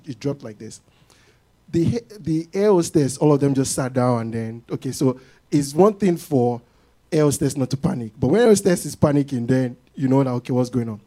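A man preaching a sermon to a congregation in an animated way, often acting out what people say. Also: mid-range voice.

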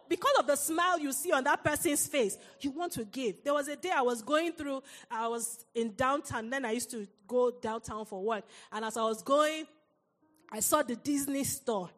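A woman preaching a sermon, telling a personal story in an animated way and laughing often. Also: high-pitched, long reverb tail.

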